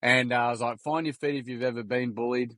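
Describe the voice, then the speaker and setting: A man, telling stories in a casual interview in a blunt, matey, energetic way. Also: medium pitch, quick pace, no room sound. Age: 40s. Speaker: guest, workshop founder.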